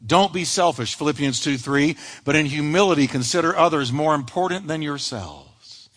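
A man's voice: on the high side, moderate pace, fairly bright tone, long reverb tail. A pastor preaching a sermon to a congregation, acting out the quoted lines of the people he describes.

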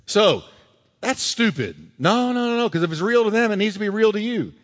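A man's voice: sits high, expressive, a little fast, a bit bright. A man preaching a sermon with emphasis, repeating key lines and acting out what spouses say to each other. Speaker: pastor. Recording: long hall reverb.

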